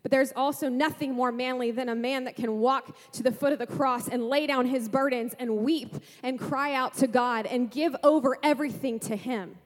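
A woman pastor preaching a sermon to a congregation, lively, asking rhetorical questions and making playful asides. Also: sits high, moderate pace, few pauses, in a large hall.

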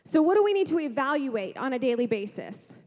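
A woman pastor preaching a sermon to a congregation, lively, asking rhetorical questions and making playful asides. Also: sits high, fairly quick, in a large hall.

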